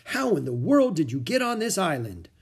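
A hearty, jolly monk, bald and middle-aged, speaking with a slightly husky edge, as a storyteller puts him on. His voice swings lively up and down. He is friendly but turns serious when warning about danger. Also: on the high side, normal speed, pitched above the performer's own voice, heavily acted. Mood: amused.

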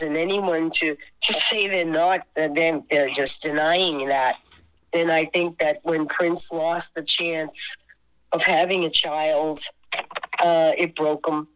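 An older woman talking earnestly in an interview, reminiscing in halting phrases that often repeat and restart. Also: sits low, a bit bright, rough recording. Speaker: guest musician.

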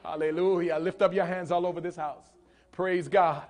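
High-voiced preaching man. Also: steady tone, normal speed, a little mellow. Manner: preaching with frequent hallelujahs, swelling and dropping in volume. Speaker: pastor. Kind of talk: sermon. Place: church hall.

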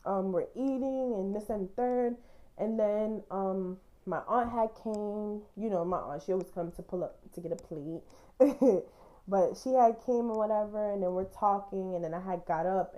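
A woman's voice: medium pitch, dark tone. A young woman hosting a podcast, telling a personal story in a blunt, candid way and swearing casually. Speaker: podcast host.

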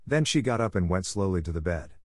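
Man reading a classic novel aloud, lowish voice, dry close sound, steady pace. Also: quick pace, no echo. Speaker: narrator. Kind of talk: audiobook narration of a classic novel.

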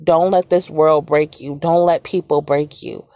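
Earnest young woman with a gravelly voice. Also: low voice, fairly even intonation, measured pace. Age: 20s. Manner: earnest, repetitive encouragement, often soft and quiet. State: emotional. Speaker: vlogger. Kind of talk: motivational monologue to viewers.

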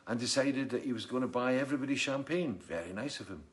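A man's voice: mid-range voice, lively intonation, quick pace. A middle-aged man, casually chatting and telling rambling stories while reading out viewer comments on a live stream. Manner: rambling storyteller, chatty and jokey. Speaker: musician hosting a live stream.

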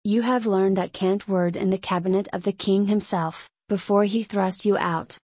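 A woman voicing an obstinate, rough-spoken nobleman who talks bluntly, in a storybook reading. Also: mid-range voice, fairly even intonation, moderate pace, a little mellow, dry recording, close to an everyday voice. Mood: indignant. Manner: blunt, thundering.

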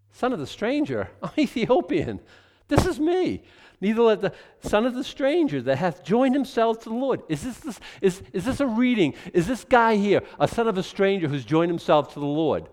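A man preaching a sermon in an animated, excitable way, often stopping and restarting his sentences. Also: a little high, long reverb tail. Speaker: pastor.

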